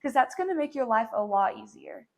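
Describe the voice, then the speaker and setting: A woman's voice: a little high, animated, fairly quick. A young woman hosting a faith podcast, talking in an earnest, encouraging way with lots of "like". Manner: earnest, encouraging, says "like" often. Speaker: podcast host.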